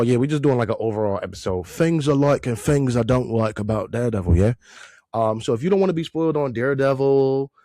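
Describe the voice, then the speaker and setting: A man's voice: mid-range voice, warm tone, no room sound, clean studio sound. A man hosting a podcast in casual chat, slangy and laid-back, swearing and laughing as he talks. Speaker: podcast host.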